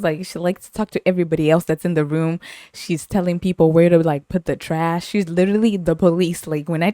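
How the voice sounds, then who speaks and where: A woman's voice: lowish voice, a little mellow, no echo, clean studio sound. A woman from Zimbabwe, hosting her podcast and telling stories in a playful, repetitive way. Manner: playful, repeats phrases, laughs often. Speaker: podcast host. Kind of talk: casual storytelling.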